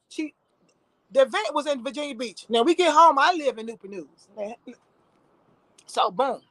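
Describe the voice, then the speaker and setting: High-voiced woman telling a story. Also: a bit bright, dry recording. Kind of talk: casual storytelling vlog.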